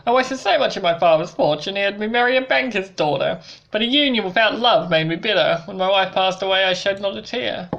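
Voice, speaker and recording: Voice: mid-range voice, a little fast, vocal fry, fairly bright tone, muffled recording. A gamer reading a devout priest's lines aloud in a raised, lofty voice while playing a game. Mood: solemn. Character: devout middle-aged priest, solemn and preachy.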